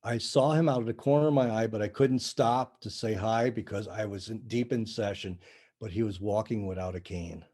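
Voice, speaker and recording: An older man with a mellow, warm tone, chatting casually as a podcast guest. He tells his story in a lively way, acting out each side of the conversation. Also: on the low side, normal speed. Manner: animated storyteller, acts out dialogue. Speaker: sound healing practitioner, podcast guest.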